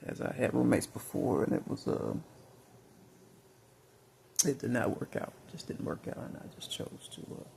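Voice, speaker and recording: Man, rambling storytelling, very gravelly voice, lively pitch, faint hiss behind. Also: normal speed, long pauses. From Mississippi. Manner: rambling, many fillers and restarts. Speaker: vlogger.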